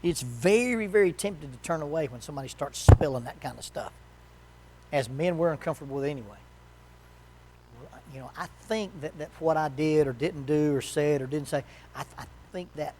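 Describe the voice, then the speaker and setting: A man whose voice is slightly higher-pitched leads a church marriage workshop in a relaxed, conversational style. He's folksy and full of jokes, slipping into quick acted-out quotes.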